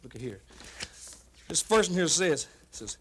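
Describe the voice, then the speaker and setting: A man's voice: fairly high pitch, sing-song, unhurried, a bit bright, slight background noise. A man with a Kentucky accent, a wrestler chatting with fans on his porch in a folksy, rambling country drawl. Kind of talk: folksy in-character chat. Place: house porch.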